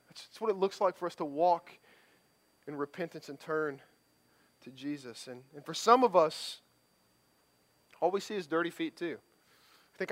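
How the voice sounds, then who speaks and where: A man's voice: high voice, brisk, a bit bright. A male pastor preaching a sermon in a casual, conversational way, often checking in with the congregation and restarting his phrases. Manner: conversational, tag questions, repeated restarts.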